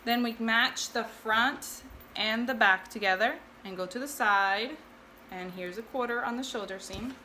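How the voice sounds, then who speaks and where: A woman's voice: a little high, a little slow, sharp tone, slight background noise. A woman hosting a casual sewing tutorial, chatting and thinking aloud with self-deprecating asides. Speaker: sewing video host.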